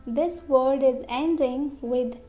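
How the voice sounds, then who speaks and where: A woman's voice: high-pitched, slow pace, dark tone, faint music behind. A woman teaching English pronunciation, saying example words twice and checking in with "okay?" after each point. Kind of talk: slow pronunciation lesson.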